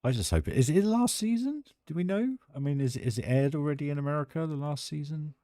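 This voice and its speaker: A man's voice: on the high side, animated, fast, mellow, no echo, studio quality. A British man live-streaming a building game, chatting enthusiastically and rambling with restarts. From United Kingdom. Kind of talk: casual live-stream chat while building.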